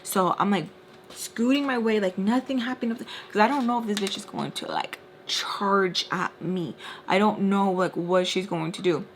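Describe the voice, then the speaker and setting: A young woman telling a casual storytime while doing her makeup, chatty and full of "like," sometimes dropping into hushed asides. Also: medium pitch, moderate pace, a little hiss or hum. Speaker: storytime vlogger.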